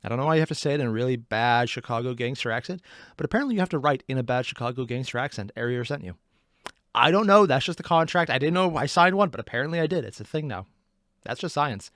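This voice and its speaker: A man's voice: medium pitch, animated, rapid-fire, fairly bright tone, no room sound, clean studio sound. A man hosting an anime reaction channel, giving casual, enthusiastic commentary and chatty analysis.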